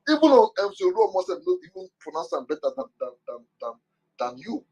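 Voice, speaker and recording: A Nigerian man hosting a casual live chat, lively and joking, slipping into pidgin. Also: high-pitched, fast talker, slightly rough, highs cut off. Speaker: host.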